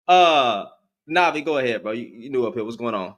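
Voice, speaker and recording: A man hosting a live stream call, ranting in exasperation and swinging between shouting and muttering. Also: medium pitch, expressive, fairly quick, long pauses. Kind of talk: heated live stream rant.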